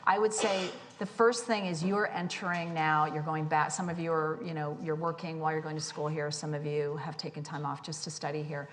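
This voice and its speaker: A woman guest speaker talking onstage to students, candid and animated, poking fun at herself. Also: sits low. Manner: candid, animated, self-deprecating. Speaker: guest speaker, company CEO. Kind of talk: onstage conversation. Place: lecture hall with audience. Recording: long hall reverb, faint noise.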